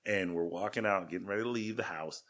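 Rambling man telling stories, lowish voice. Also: fast, fairly bright tone. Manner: rambling, self-deprecating storyteller with many restarts. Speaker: podcast co-host. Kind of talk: casual storytelling chat.

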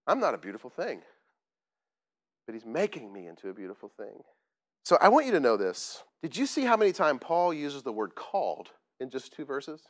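At a normal speed, this man's slightly high, sing-song voice delivers a pastor's sermon. His style is plain, self-deprecating, and conversational, and he frequently puts questions to the congregation.

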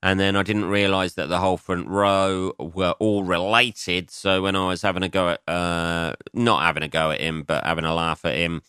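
A young adult man doing a casual solo podcast monologue as a comedian, swearing a lot, mocking himself and answering his own asides in a higher voice. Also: flat delivery, moderate pace, few pauses, pushed and bright, smooth, dry recording, studio quality.

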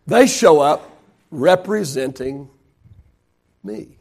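A man's voice: high-pitched, expressive, measured pace. A man preaching a sermon as pastor, building emphasis and asking the congregation rhetorical questions.

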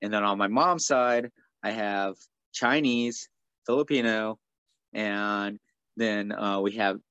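Low-voiced man on dull, dry audio. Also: slow pace, a bit bright, smooth, dry recording. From United States. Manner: easygoing, filler-heavy storyteller. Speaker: guest, martial artist and stuntman. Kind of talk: casual interview chat.

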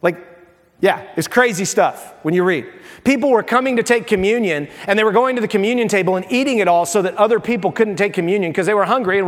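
A man preaching with a high-pitched voice, his words hanging in the long reverb of a large hall. He is a pastor in full sermon mode, animated, slipping into the voices of the people he quotes. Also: fast talker.

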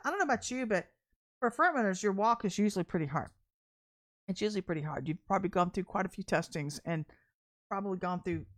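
A woman's voice: mid-range voice, no room sound, clean studio sound. A woman preaching a sermon in a blunt, conversational and emphatic way.

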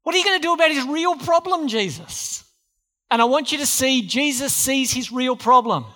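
A man's voice: very high-pitched, expressive, normal speed, sharp tone. A man preaching a sermon in a church, talking conversationally and quizzing the congregation with questions. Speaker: pastor. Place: church hall. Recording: hall reverb.

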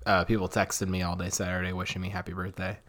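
Laid-back low-voiced male co-host. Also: flat delivery, fast, a bit bright. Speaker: podcast co-host. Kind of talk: casual chat.

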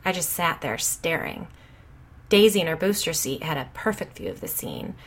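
Low-voiced woman narrating a story. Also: very animated, normal speed, slightly rough. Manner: dry, conversational, wry.

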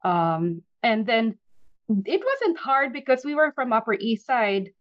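A Filipina woman appears as a podcast guest, telling her story in a casual interview, animated, quick to laugh, and frequently restarting her sentences. Her voice is a little high, and the recording is dry and dull.

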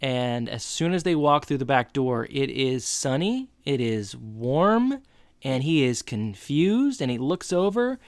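A man co-hosting a podcast in casual chat, playfully acting out scenes with quick character voices. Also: mid-range voice, very animated, no room sound. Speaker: podcast co-host.

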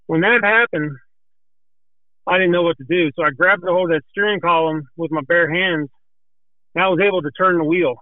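A man with a fairly high voice tells a racing story in a folksy, animated ramble, a little short of breath. He comes through a thin, tinny phone line with a dry sound. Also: no room sound. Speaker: guest telling a racing story. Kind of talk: casual storytelling.

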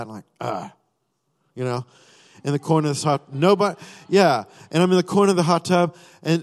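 With a voice on the high side yet darkish in tone, a man recounts his personal testimony in a sermon. He rambles, restarts and fills gaps, acting out his own thoughts and prayers, all echoing in a large hall's long reverb.

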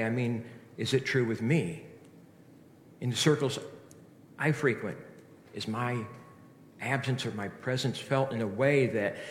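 A man's voice: mid-range voice, a bit bright, slight background noise. A man preaching a sermon with earnest rhetorical questions and frequent restarts. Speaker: pastor. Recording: echoey hall reverb.

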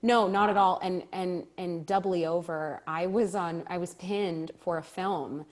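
A woman's voice: on the low side, measured pace. A woman, a stage actor, telling a story in conversation, acting out quoted dialogue with frequent laughter. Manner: animated, acts out quoted dialogue, laughs often.

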